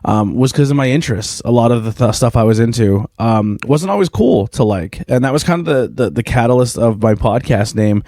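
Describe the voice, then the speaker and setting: A man's voice: mid-range voice, brisk, hardly any pauses, mellow, dry recording, clean studio sound. Laid-back, cursing male podcast host. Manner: rambling, profane, laid-back, lots of fillers. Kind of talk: casual solo podcast chat.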